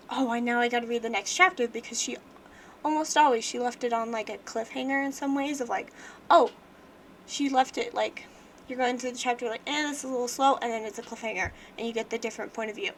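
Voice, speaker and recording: Young woman streamer, higher-pitched voice, chatty and rambling, faint background hiss. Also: fairly bright tone. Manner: chatty, rambling, many fillers and restarts. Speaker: livestream host. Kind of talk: casual book review chat.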